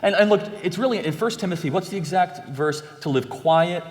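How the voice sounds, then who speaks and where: A young man in animated conversation, talking emphatically and acting out exchanges he quotes. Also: high voice, a little fast. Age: young adult. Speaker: guest. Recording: long hall reverb.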